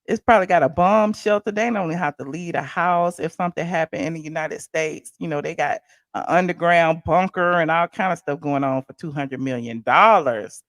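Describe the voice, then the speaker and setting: A woman hosting a casual live-stream commentary, animated and excitable, chatting with her viewers in asides. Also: sits low, fairly quick, dry recording. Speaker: commentary channel host.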